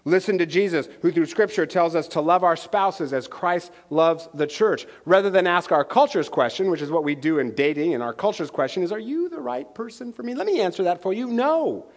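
A pastor preaching a lively, conversational sermon, joking and asking "right?" often. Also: male voice, fairly high pitch, fairly quick, hardly any pauses.

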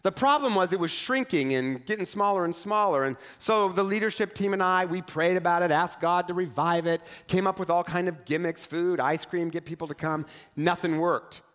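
High-voiced pastor man, wry and chatty. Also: a bit bright. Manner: conversational, wry storytelling with acted asides. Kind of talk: sermon.

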